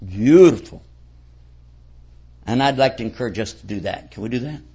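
A man's voice: medium pitch, rapid-fire, gravelly, a little mellow, husky. A man giving a conversational religious lecture, a folksy preacher who keeps quizzing his audience. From United States. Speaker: Islamic preacher. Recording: dull lo-fi recording.

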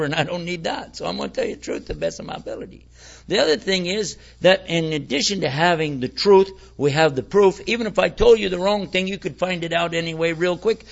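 Guy preaching casual and folksy, kinda high voice, gravelly, dull lo-fi tape. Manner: folksy, conversational, rhetorical questions. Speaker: Islamic preacher. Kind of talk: informal religious talk. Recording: lo-fi dull recording.

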